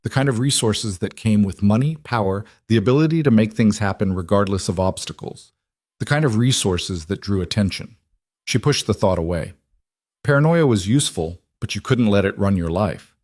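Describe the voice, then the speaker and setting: Brief: male narrator, low voice, steady scripted storytelling, dry close recording. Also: normal speed, dry recording.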